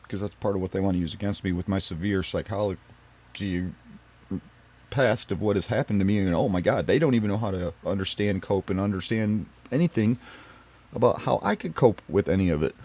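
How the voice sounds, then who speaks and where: A man telling a personal story to camera in an emotional, emphatic and pleading way, swinging between loud and quiet. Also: lowish voice, fairly quick.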